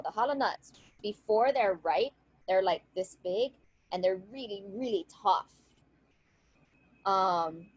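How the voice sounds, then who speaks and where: A woman's voice: medium pitch, slightly rough, no room sound, low-quality recording. Chatty woman retelling a legend. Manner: lively, conversational, checks in with "right?". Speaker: storyteller and guest speaker. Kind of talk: casual oral retelling of a legend.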